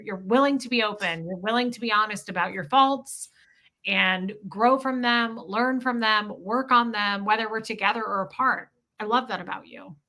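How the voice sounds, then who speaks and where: Bright-voiced woman co-hosting a livestream. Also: mid-range voice, rough recording. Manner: effusive, talks straight to viewers. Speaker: co-host. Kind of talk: livestream chat reading comments.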